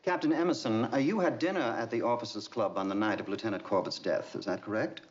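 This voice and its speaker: A man's voice: on the low side, quick pace, natural voice. A man playing a pointed military prosecutor. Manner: pointed and leading. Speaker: Navy prosecutor. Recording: dull old TV sound.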